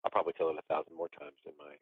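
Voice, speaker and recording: A man's voice: extremely low pitch, little pitch movement, racing, breathy edge, no echo. A man telling a story as a podcast guest in a casual, rambling way, often restarting his phrases. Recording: tinny phone-line sound.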